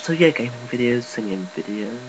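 A man giving a casual, rambling vlog update, swearing offhandedly and filling pauses. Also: medium pitch, animated, background noise. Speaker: gaming and news vlogger.

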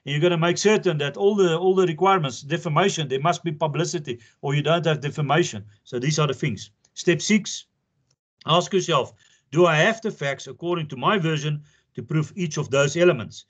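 A man's voice: on the high side, a little fast, lo-fi sound. A man giving a recorded law lecture, talking in a conversational way and repeating his points for emphasis. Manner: repetitive, emphatic, conversational teaching.

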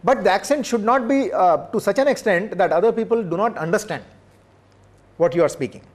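A middle-aged man, a professor, giving a measured workshop lecture that is often broken by hesitation fillers. He checks in with listeners through short tag questions. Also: sits high, animated. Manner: measured, checks in with "right?" and "okay?".

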